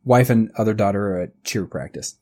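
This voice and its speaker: A man's voice: on the low side, fairly quick, a little mellow. A man in his thirties co-hosting a podcast in casual chat, rambling and swearing freely, often laughing. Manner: rambling, profane, laughs easily. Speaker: podcast co-host.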